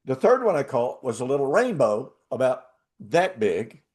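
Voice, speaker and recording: An older man hosting a talk show, telling a travel story in a casual, animated way and laughing often. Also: mid-range voice, moderate pace. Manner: animated, laughs often, acts out quoted voices. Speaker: show host.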